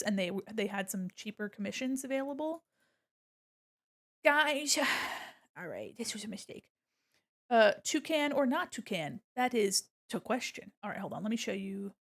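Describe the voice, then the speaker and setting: A woman's voice: mid-range voice, a bit bright. A woman streamer chatting casually with her viewers while she draws, giggling often and swearing now and then. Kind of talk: casual livestream chat while drawing.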